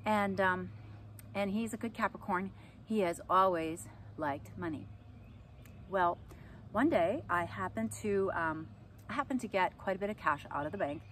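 A middle-aged woman, an astrology and yoga teacher, telling personal stories in a casual, animated way and acting out what people said. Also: mid-range voice, measured pace, slight background noise. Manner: animated, acts out quotes with laughs. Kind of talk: casual storytelling to camera.

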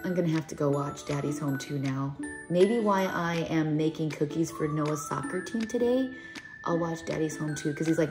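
Middle-aged woman, casual mom vlogger, rambling and chatty; lowish voice, echoey room, faint music bed. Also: moderate pace. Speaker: vlogger, mother. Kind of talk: casual chat to camera.

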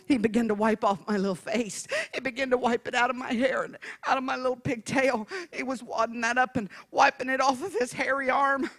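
A woman evangelist with a high, bright voice tells a folksy story from the pulpit. She drops to hushed asides, then rises into shouted preaching. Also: fairly even intonation, fairly quick, few pauses. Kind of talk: sermon storytelling.

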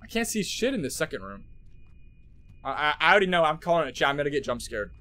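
A young man streaming a horror game, jumpy and swearing, talking to his chat and shouting at those who laugh at him. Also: a little high, very animated, quick pace. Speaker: gaming streamer. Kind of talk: live horror game commentary. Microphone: headset.

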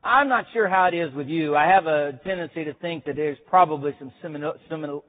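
A man gives a chapel sermon at a seminary in an easygoing, self-deprecating manner, often pausing on filler sounds. His voice sits high for a man. The recording is narrow and tinny, like a phone line. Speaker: preacher.

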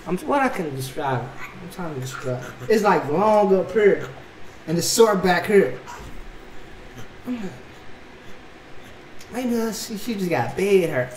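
A man hosting a reaction video, telling a story in a casual, animated, slangy way and saying bro a lot. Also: high voice, unhurried, long pauses. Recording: echoey room, mic at a distance, faint noise.

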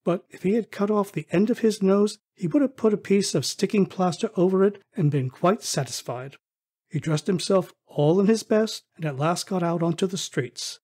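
Man reading an old classic out loud, kinda husky, a bit high, really expressive. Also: moderate pace. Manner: expressive storytelling. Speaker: audiobook narrator. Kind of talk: scripted audiobook narration.

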